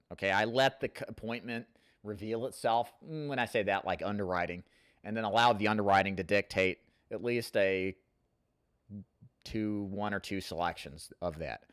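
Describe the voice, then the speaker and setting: A man's voice: lowish voice, a bit bright, dry recording, studio quality. A man hosting a live call-in Q&A, coaching sales agents in a rambling, casual way and reading viewer comments aloud. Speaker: host answering live chat questions.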